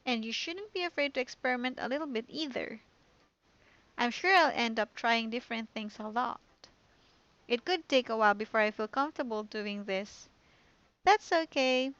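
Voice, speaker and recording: A woman voicing a poised, confident teenage girl who leads a club, reading game dialogue aloud in a calm, gentle way. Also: on the high side, normal speed, no echo, highs cut off. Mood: encouraging.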